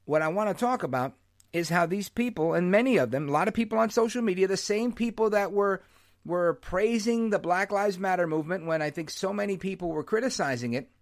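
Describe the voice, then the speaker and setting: A man hosting his own podcast, talking in an animated, opinionated way and dropping in Spanish words. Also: high-pitched, fairly quick. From United States. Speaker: podcast host. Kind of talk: solo podcast monologue. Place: New York.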